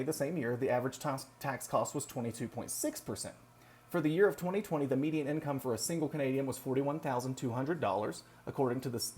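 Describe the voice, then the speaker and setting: A man giving a read-aloud class presentation as a nursing student, steady and measured, with a few slips. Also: mid-range voice.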